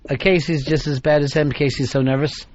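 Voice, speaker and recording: A man's voice: a little high, steady tone, fairly quick, a little mellow, slight background noise. Wry rambling male radio host. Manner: wry, rambling, acts out quotes. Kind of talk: casual radio talk. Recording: dull lo-fi radio broadcast.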